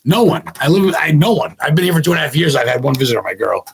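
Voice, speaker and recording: A man from Maine, a guest ghost hunter, talking bluntly and excitedly with lots of swearing in casual podcast chat. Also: on the high side, very fast, gravelly, a little hiss or hum. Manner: blunt, profane, rambling and excitable.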